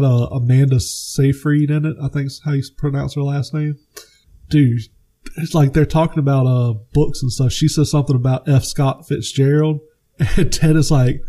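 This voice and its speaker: A man co-hosting a casual podcast, telling animated, profane stories and acting out movie scenes. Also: mid-range voice, moderate pace. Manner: animated storyteller, swears freely, acts out movie quotes. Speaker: podcast co-host. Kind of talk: casual chat.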